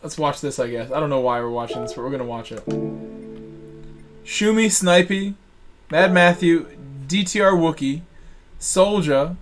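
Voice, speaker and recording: A man's voice: fairly high pitch, normal speed, long pauses, over music. A man hosting a racing game live stream, casually thanking supporters and reading out long lists of viewer names.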